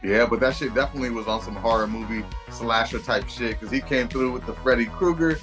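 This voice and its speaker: A man's voice: medium pitch, a little fast, over music. A man co-hosting a podcast in casual chat, laid-back, slangy and profane. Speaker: podcast co-host.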